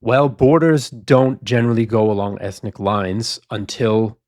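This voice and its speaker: A man's voice: on the low side, fairly even intonation, measured pace, darkish tone, no echo, clean studio sound. A man co-hosting a history podcast, laying out background context at length in a discussion. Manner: explanatory, lays out context at length. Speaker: podcast co-host.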